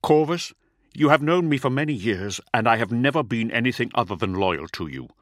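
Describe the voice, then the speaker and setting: Man doing a loyal officer, higher than his usual, earnest and steady, dry sound. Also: dry recording. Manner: earnest and measured. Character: loyal, calm male officer pleading.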